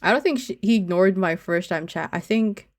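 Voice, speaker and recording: A woman's voice: medium pitch, moderate pace. A woman streamer chatting casually with her viewers in a teasing, giggly way, often saying she's only kidding.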